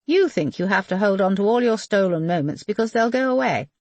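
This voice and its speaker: Woman reading a jokey young pilot guy, bouncy lively voice, dry close sound. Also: medium pitch, a little fast, dry recording, voice pushed up, close to an everyday voice. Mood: teasing. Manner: teasing, bantering. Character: cheerful teasing young male RAF pilot.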